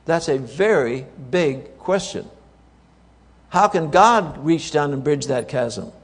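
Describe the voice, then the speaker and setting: A man's voice: a little high, animated, slow, slightly rough, long reverb tail. A man preaching a sermon to a congregation, emphatic, repeating key words and asking the audience rhetorical questions.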